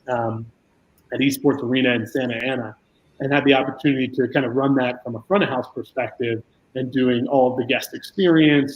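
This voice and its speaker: Flat-voiced man telling a career story. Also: mid-range voice, lo-fi sound. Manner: casual, self-deprecating storytelling with many restarts. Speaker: esports business founder.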